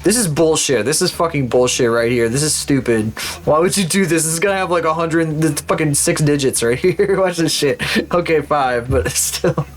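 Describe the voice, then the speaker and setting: A man's voice: a little high, normal speed, soft background music. Profane young male streamer rambling. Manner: profane, rambling, mumbles names aloud. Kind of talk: live-stream commentary while playing.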